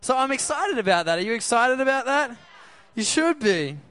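A man preaches with a bright, high-pitched voice. He keeps the crowd involved with quick questions. The sound is close and dry, with little room around it. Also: sing-song, dry recording. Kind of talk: sermon.

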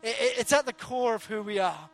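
High-voiced man preaching casually. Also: lively intonation, brisk, vocal fry. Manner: earnest, jokey, frequent restarts. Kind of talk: conversational sermon.

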